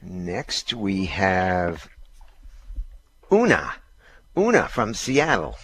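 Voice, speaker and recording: A man's voice: deep voice, wildly swooping pitch, extremely slow, fairly bright tone, breathy edge. A man introducing callers on a radio show in a welcoming announcer manner.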